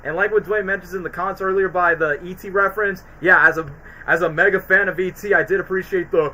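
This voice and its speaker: A man's voice: sits high, fairly even intonation, quick pace, bright, forceful tone, a little hiss or hum, low-quality recording. A young man hosting a casual livestream, rambling in slangy speech full of "like" and "bro". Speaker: streamer host.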